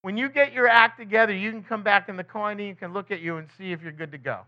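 A man giving a conversational sermon as a Bible teacher. He keeps asking the listeners rhetorical questions and breaks into quick acted quotes of other people. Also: high-pitched, bright, forceful tone. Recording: dull lo-fi recording.

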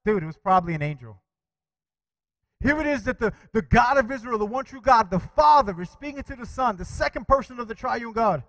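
A man preaching a sermon with animated delivery, calling out to his congregation for responses and quoting scripture. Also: very high voice, brisk, hardly any pauses, no echo, poor audio. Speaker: pastor.

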